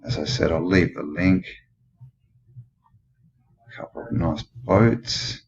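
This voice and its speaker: A man's voice: low voice, slow, gravelly, lo-fi sound. A man with an Australian accent who rambles and muses, asking questions as he comments casually on old photos. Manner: rambling, musing, full of questions. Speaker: channel host.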